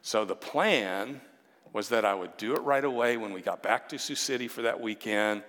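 A man's voice: lowish voice, moderate pace, a bit bright. Chatty man telling a story in a hall. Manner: chatty, self-deprecating, with many asides. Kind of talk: personal storytelling to an audience. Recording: long hall reverb.

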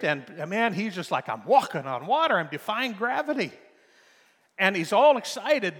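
A man preaching a sermon, animated and emphatic, his voice climbing to loud peaks. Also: high voice, long reverb tail.

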